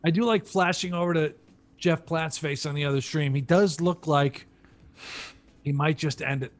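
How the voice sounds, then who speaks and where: A man's voice: fairly high pitch, normal speed. A man commentating a live poker stream, chatty and joking, thinking aloud between hands.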